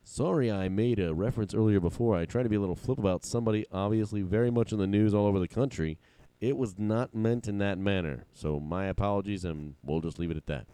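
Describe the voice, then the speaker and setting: A man's voice: lowish voice, quick pace, dark tone, clear, resonant tone, natural voice. Man doing a stiff sportscaster apology voice. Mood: formal apology. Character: male sportscaster giving an on-air apology.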